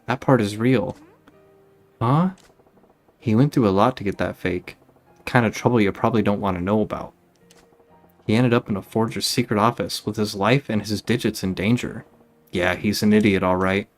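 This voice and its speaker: A man's voice: on the low side, normal speed, pauses often, faint music behind, close to an everyday voice. A man reading aloud for a brash male gangster in a video game, blunt and full of street slang.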